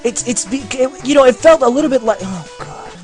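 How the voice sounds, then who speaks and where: A man's voice: very high voice, quick pace, a little mellow, faint music behind. A man ranting sarcastically over gameplay as a game reviewer, swearing constantly and sounding fed up. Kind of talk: profane gameplay commentary rant.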